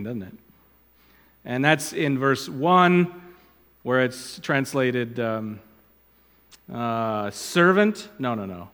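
A male pastor in mid-range voice gives a relaxed, conversational sermon, drifting into quiet asides before picking the point back up. His voice carries the long reverb of a large church hall. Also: mid-range voice. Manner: conversational, digressive, trails off into asides.

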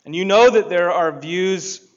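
A man preaching a sermon, deliberate and building to emphatic points. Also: high voice, muffled recording. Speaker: pastor.

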